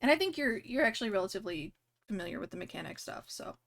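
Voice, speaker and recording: Rambling young woman game master, easygoing, mid-pitched. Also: very animated, quick pace, vocal fry, fairly bright tone. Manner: rambling, many fillers and restarts. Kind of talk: narrating a tabletop game on a live stream.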